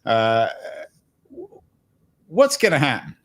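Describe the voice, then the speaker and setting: A man's voice: mid-range voice, wildly swooping pitch, takes it slowly, a bit bright. A man hosting an interview podcast, wry and joking, often restarting his sentences. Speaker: podcast host. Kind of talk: conversational interview.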